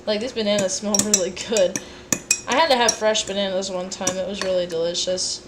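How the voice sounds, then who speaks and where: Speaking briskly in a steady, medium-pitched voice, a young livestreamer who sounds tired cooks for her chat at home. Her casual talk is rambling and playful, sprinkled with sing-song asides. Heavy background noise, including clear kitchen clatter, sits behind her.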